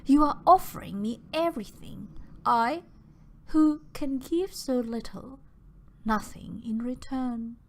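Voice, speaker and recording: A woman's voice: on the high side, takes it slowly. A woman reading the lines of a troubled young woman in an audiobook, emotional and earnest. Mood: anguished. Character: proud, troubled young woman refusing a proposal.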